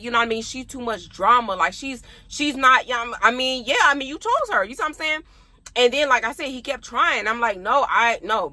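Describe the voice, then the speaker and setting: A young adult woman chatting casually to her viewers, telling an animated storytime about her past. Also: a little high. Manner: animated, talks straight to viewers.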